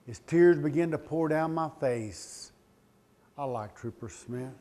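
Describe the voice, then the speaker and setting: This middle-aged motivational speaker, whose voice is a little high, gives a speech to a live audience about his own life. He tells it with passion, alternating between loud pleading and quiet, heartfelt confession.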